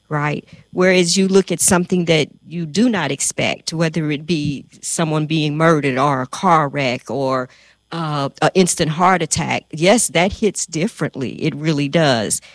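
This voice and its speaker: A woman who works in hospice care, calmly explaining grief to a group in a measured way. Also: low voice, no room sound. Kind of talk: explanatory panel talk.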